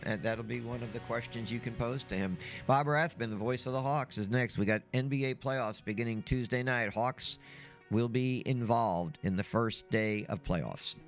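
Guy hosting a sports talk show, chatty, gets worked up, average pitch. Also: moderate pace, soft background music. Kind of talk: casual sports chat.

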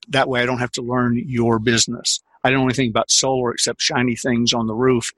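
Older male sales coach, husky, leans hard on key words; dry close sound. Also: medium pitch, level tone, fairly bright tone, dry recording. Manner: emphatic, repeats key phrases, drawn-out stresses. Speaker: sales trainer and script consultant. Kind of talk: conversational interview storytelling.

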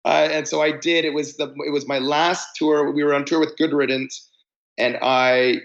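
This podcast guest, a musician, recounts band-touring stories in a rambling way, often breaking off to restart. His slightly high voice is gravelly and a bit bright, delivered flatly at normal speed, and the casual interview recording is muffled with slight background noise.

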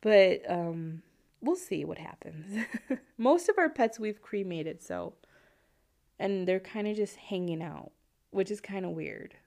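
Woman podcast host, giggly, casual, chatty with listeners, mid-pitched voice. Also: animated, slow. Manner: giggly, laughs often between sentences; chatty, warm asides to listeners with fillers. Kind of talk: casual chat.

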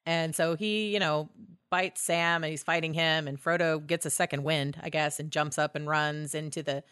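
A woman co-hosting a podcast, recapping a film in casual chat, laughing often, swearing and acting out lines in quick voices. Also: sits low, steady tone, a bit bright, clean tone, dry recording, clean studio sound. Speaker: podcast co-host.

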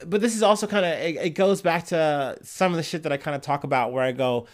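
A man's voice: fairly high pitch, quick pace. A man riffing on the news for his podcast. He rambles, drops sarcastic asides and swears freely, leaning on "like" and "you know" as he goes. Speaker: podcast host. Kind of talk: casual solo news commentary.

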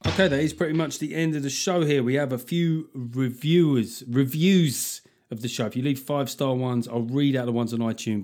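A warm, medium-pitched man hosts a podcast, reading listener reviews aloud while ranting comically. He swears a lot and throws in sardonic asides.

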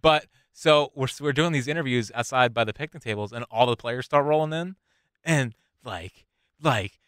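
A man's voice: mid-range voice, normal speed, fairly bright tone, clean tone, no echo, clean studio sound. A young man co-hosting a podcast, telling a rambling story in casual chat with frequent laughs. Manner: rambling, restarts, laughs often. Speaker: podcast co-host.

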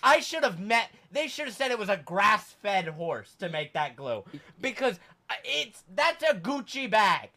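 Animated young man telling a story. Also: high voice, unhurried. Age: young adult. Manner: animated, acts out quoted voices, loud outbursts. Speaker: podcast host. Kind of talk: casual storytelling chat.

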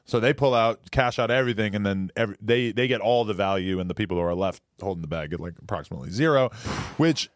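Low-voiced man, blunt and profane. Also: fast talker, dry recording, studio quality. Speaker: podcast co-host. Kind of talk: casual chat.

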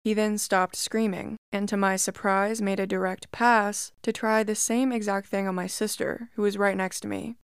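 Woman narrator for scary online stories, smooth clear voice, dry close sound, steady reading. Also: medium pitch, no echo. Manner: steady, measured first-person reading. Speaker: story narrator. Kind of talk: scripted narration of reddit horror stories.

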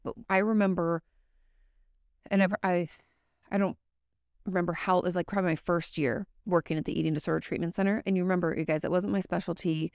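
A woman therapist with a low, gravelly voice talks frankly and conversationally, offering advice to her audience. She comes across as candid and casual, now and then dropping a swear word. The sound is dry and close, with no room around it. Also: fairly even intonation, fast, a little mellow, no room sound. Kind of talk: casual advice talk to viewers.

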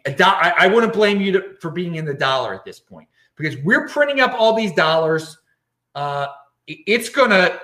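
A man's voice: a little high, fairly bright tone. A man hosting a live-stream show, talking bluntly and emphatically, with many stumbling restarts as he reads chat questions. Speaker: show host. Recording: echoey room.

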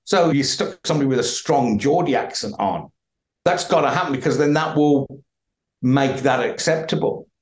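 A middle-aged man tells stories in a casual podcast chat and laughs often along the way. His pitch sits in the middle, and the recording carries a roomy echo. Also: normal speed. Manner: chatty, laughs while telling stories. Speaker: podcast guest, broadcaster.

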